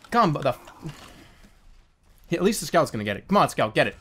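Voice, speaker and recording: Excitable man yelping over a game. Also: fairly high pitch, a little fast, long pauses. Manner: excitable, yelps and swears, self-mocking. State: desperate to pee. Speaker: gaming YouTuber. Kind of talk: gameplay commentary.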